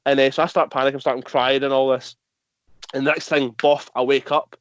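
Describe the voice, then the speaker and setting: Young Scottish male podcast host, quick and animated, dull dry lo-fi recording. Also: medium pitch, no echo. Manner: animated storyteller, acts out quotes. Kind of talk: casual chat among friends.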